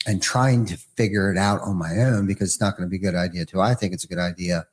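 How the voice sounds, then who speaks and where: A man's voice: deep voice, fairly even intonation, fast, husky. A middle-aged man, a business owner, telling a rambling story in a casual podcast conversation and often restarting his sentences.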